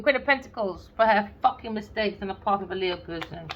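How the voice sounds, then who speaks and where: A tarot reader with a medium-pitched voice talks fairly quickly and barely pauses, delivering a casual, blunt, sarcastic reading. She swears freely and performs lines of imagined dialogue. The lo-fi audio sounds slightly dull, with faint noise in the background.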